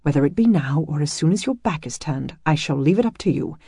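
Narrator voicing a calm, stubborn medieval healer woman. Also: low voice, fairly quick, vocal fry, husky, dry recording, clean studio sound, full character voice. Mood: firm. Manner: archaic formal speech, firm and placid. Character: stubborn gentle female healer, calm and dryly teasing.

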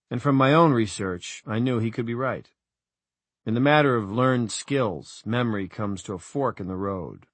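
A man reads a first-person novel in a measured, reflective way. His voice is low. The recording is close and completely dry, with no room sound. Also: no echo. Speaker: audiobook narrator. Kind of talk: first-person audiobook narration.

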